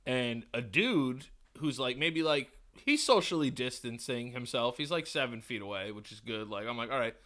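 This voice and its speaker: A man's voice: medium pitch, moderate pace, hardly any pauses. A man from New York telling a story in casual chat as a podcast co-host, swearing and acting out the people he quotes. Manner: animated, swearing, acts out quotes loudly.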